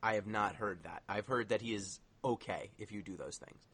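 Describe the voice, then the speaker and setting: A man's voice: fairly low pitch, moderate pace, fairly bright tone, slightly rough, no echo. A man co-hosting a casual podcast chat, explaining things at length with lots of filler words. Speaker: podcast co-host.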